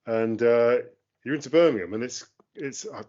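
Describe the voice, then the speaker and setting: Measured man, mid-pitched, muffled lo-fi call sound. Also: a little mellow. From London, England. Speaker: guest. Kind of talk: casual chat. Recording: dull lo-fi call audio.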